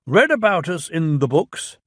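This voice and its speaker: A man's voice: a little high, sing-song, a little slow, no room sound, clean studio sound, pitched above the performer's own voice. A man with a British accent voicing a pompous, stern railway boss in a storybook reading, commanding and bellowing in a raised voice.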